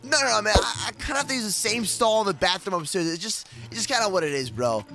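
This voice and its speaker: A man's voice: sits high, animated, fast, pushed and bright, faint music behind. A man hosting a Minecraft kids roleplay, talking in a jittery, rambling way. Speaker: roleplay channel host.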